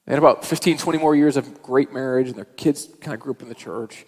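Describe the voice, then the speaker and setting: A man's voice: mid-range voice, fast talker, a little mellow. Man preaching in an echoing hall. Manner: conversational, storytelling preaching. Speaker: pastor. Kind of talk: sermon.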